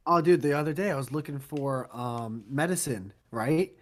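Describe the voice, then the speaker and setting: Mężczyzna, spokojny, sarkastyczny ton. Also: male voice, mid-range voice, normal speed. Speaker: podcast co-host. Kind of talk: casual chat.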